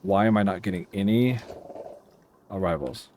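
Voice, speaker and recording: A man's voice: low voice, normal speed, a little mellow, a little hiss or hum. Rambling man giving radio calls. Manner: rambling, self-interrupting, gives radio calls mid-chat. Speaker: air traffic controller playing a simulator. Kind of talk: casual gameplay commentary.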